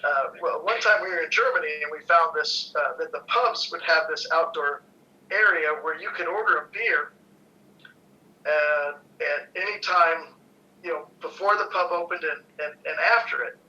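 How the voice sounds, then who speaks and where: Bright-voiced easygoing man, lo-fi. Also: fairly high pitch, moderate pace. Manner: easygoing, rambling with restarts. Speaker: guest, brewery co-owner. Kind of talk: casual chat. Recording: dull lo-fi sound.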